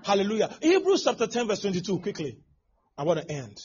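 A man's voice: high-pitched, sing-song, fast talker, darkish tone. A male pastor preaching a sermon, acting out scenes with exclamations and laughter. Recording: dull lo-fi sound with faint background noise.

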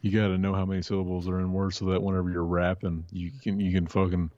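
A man co-hosting a casual movie commentary podcast, talking in halting, profane bursts full of restarts. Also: deep voice, completely flat delivery, darkish tone, dry recording. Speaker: podcast co-host. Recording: dry, dull lo-fi sound.

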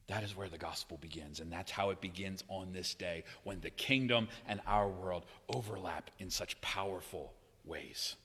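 Bright-voiced preacher man in a reverberant hall. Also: normal speed, few pauses, slightly rough. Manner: dynamic preaching, swinging from loud cries to hushed low tones. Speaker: pastor. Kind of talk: sermon.

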